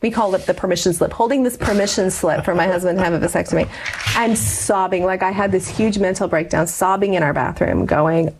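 Middle-aged woman guest with a mid-pitched voice, speaking earnestly and reflectively as she recounts a personal story in conversation. Her delivery is heartfelt and unhurried, with occasional hesitations. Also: breathy edge. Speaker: interview guest.

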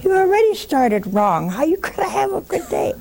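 An older woman hosting a religious call-in show, preaching emphatically, mocking at times and dropping to a hush. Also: extremely high pitch, very animated, normal speed, gravelly. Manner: emphatic, scolding, mocking then hushed.

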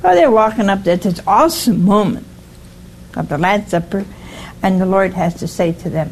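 A woman's voice: medium pitch, expressive, moderate pace, pauses often, a little mellow, a little hiss or hum, rough recording. Chatty woman teaching a Bible group. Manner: asks the group questions, says "See?" often. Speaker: Bible study leader.

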